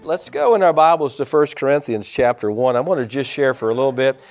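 Lively, animated male pastor preaching. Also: medium pitch, fairly quick, faint music behind. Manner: folksy, rambling, with asides to the congregation. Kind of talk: sermon. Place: church sanctuary with a congregation.

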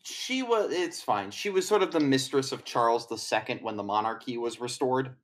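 A man's voice: mid-range voice, expressive, moderate pace. Male game master, chatty, rambling, casual narration.

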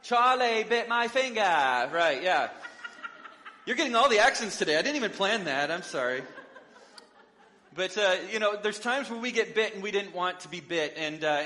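Male pastor, casual sermon, slightly high voice with a bright edge, rambling delivery full of ums. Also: fairly quick, in a large hall. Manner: relaxed, rambling with many fillers and self-corrections. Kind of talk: conversational sermon.

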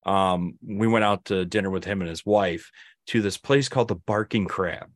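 A man's voice: sits low, moderate pace, dry recording, clean studio sound. A young man co-hosting a podcast in casual chat, telling rambling stories and acting out his friends' lines. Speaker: podcast co-host.

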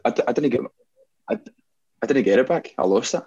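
A man's voice: medium pitch, expressive, a little fast, mellow, breathy edge, highs cut off. A young man, a guest DJ, rambling through stories in casual chat, full of fillers and laughs. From Scotland. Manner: rambling storyteller, laughs often, many fillers.

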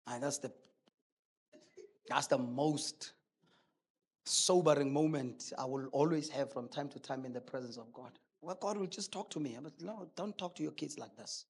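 A man's voice: mid-range voice, normal speed, slightly rough. A male preacher delivering a sermon emphatically, asking rhetorical questions.

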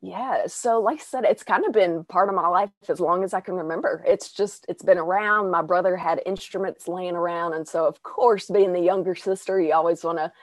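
A woman's voice: lowish voice, brisk, hardly any pauses, no echo, clean studio sound. A young woman from Arkansas with an Arkansas accent, a musician guest talking in an easygoing way. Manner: easygoing, relaxed, with filler words. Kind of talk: interview.

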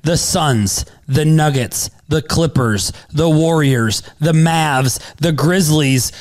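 A man's voice: on the high side, takes it slowly, few pauses, darkish tone. A man co-hosting a sports betting podcast, talking in a brash, profane, hyped-up way. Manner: brash, profane, hype-driven. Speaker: podcast co-host. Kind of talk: casual sports betting chat.

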